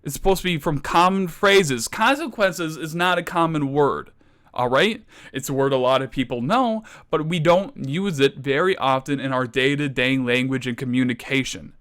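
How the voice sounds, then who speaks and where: A young man giving a mock-serious comedy lecture, ranting with exaggerated outrage that climbs toward near shouts. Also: medium pitch, normal speed.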